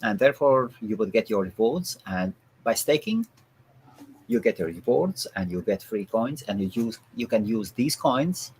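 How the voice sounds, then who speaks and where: A man hosting an interview show, chatting casually and promoting products, with a halting way of breaking off and restarting phrases. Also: fairly low pitch, big pitch swings, darkish tone, a little hiss or hum. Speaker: show host.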